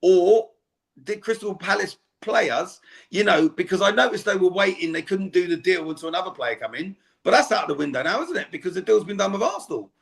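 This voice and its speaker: A man's voice: high-pitched, lively intonation, fairly quick, creaky, a bit bright. A man speaking as a fan guest on a podcast, ranting angrily and swearing in heated chat. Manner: angry, swearing rant. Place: home.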